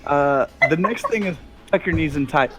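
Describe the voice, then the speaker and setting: A man narrating a tabletop role-playing game as game master, animated and laughing often. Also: a little high, moderate pace, very noisy. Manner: animated, laughing often, puts on character voices.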